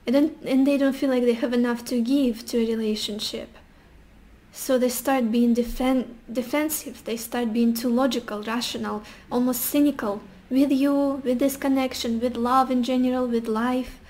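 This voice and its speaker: A woman's voice: fairly high pitch, steady tone, normal speed, darkish tone. A young woman giving a casual tarot reading, musing intuitively with sassy asides. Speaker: tarot reader.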